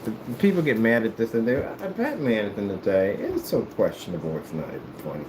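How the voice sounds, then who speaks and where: A man rambling casually to the camera as he works, animated and joking, often jumping into a high falsetto. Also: fast talker, background noise. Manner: animated, jumps into high falsetto sing-song and joking voices. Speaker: vlogger. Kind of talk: casual rambling monologue while working.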